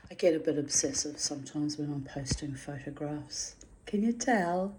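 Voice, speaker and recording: A woman's voice: low voice, moderate pace, a little mellow, slight background noise. A woman in a casual, rambling monologue, chatty and quirky, swearing freely and calling her listeners babies and darlings. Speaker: vlogger.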